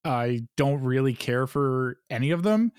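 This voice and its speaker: A man's voice: mid-range voice, lively intonation, measured pace, a little mellow, smooth, no room sound, clean studio sound. A man co-hosting a podcast, chatting casually about movies in a laid-back, hedging way, with lots of "like" and some swearing. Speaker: podcast co-host. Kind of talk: casual profane movie chat.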